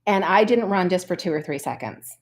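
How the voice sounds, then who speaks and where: A woman's voice: lowish voice, expressive, fairly quick. A woman who coaches online business, talking to her viewers in an earnest, chatty way and often calling them "you guys". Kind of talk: casual motivational vlog talk.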